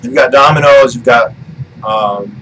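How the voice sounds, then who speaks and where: A man's voice: medium pitch, measured pace, fairly bright tone, poor audio. Rambling man arguing over faint hum. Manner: rambling, argumentative, frequent restarts and profanity. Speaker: political commentary vlogger. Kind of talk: casual monologue.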